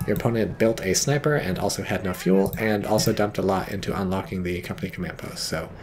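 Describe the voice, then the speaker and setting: A man casting a strategy game replay in casual commentary, excitable, swearing freely and exclaiming often. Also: sits low, fast talker, a little hiss or hum.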